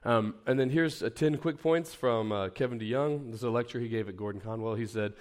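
In the camp meeting room, a man with a medium-pitched voice talks fairly fast as he informally teaches preachers. He's conversational, tosses in self-deprecating asides, and frequently begins again mid-thought.

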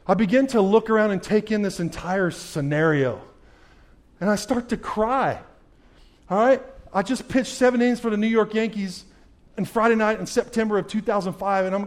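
A man, a former pitcher, giving a faith testimony talk to a live audience as an emphatic storyteller who questions the crowd directly, swinging from low, quiet moments to loud, fired-up ones.

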